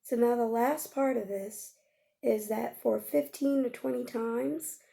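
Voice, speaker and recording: Soft-toned woman with a heavy gravelly fry. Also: fairly high pitch, steady tone, a little slow. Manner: gentle, coaxing, checks in with frequent "okay?". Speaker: life coach. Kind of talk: guided healing exercise.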